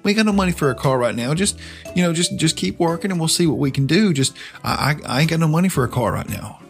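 A man's voice: on the high side, lively intonation, fast talker, creaky, faint music behind, voice pushed up. A man putting on a worn-out, weary mom. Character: weary middle-aged woman, a worried mother.

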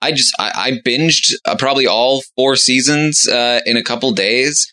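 A man's voice: medium pitch, moderate pace, sharp tone. A man chatting casually on a podcast, hesitant with many "uh" and "um". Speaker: podcast co-host. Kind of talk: casual chat.

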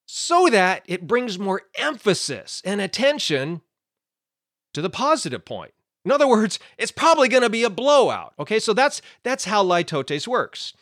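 A Bible teacher with a high voice talks through a lesson in a relaxed, conversational way, swinging his pitch up and down with lots of life. He explains with everyday examples and keeps checking in with his listeners. The sound is dry and close, with no room echo. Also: moderate pace.

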